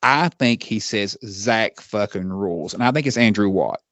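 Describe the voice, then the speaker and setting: A man's voice: lowish voice, normal speed, fairly bright tone, no echo, dull audio. A man co-hosting a podcast in casual chat, swearing freely and telling stories with animation. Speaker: podcast co-host.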